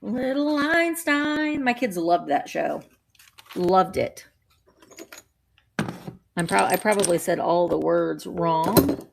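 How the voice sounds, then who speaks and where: A woman's voice: lowish voice, takes it slowly, vocal fry, long pauses, slight background noise. A woman chatting casually while running a live vintage auction, bubbly and playful with sing-song noises.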